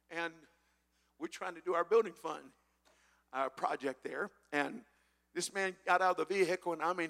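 A man preaching a sermon as pastor, quoting scripture loudly and asking the congregation to repeat after him. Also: on the high side, creaky, big-room sound. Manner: preaching with shouted scripture and call-and-response.

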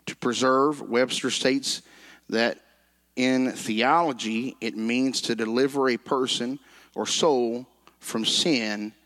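A man teaching a Bible lesson in an earnest, measured way, slowing down on key words and quoting scripture. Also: mid-range voice, a bit bright.

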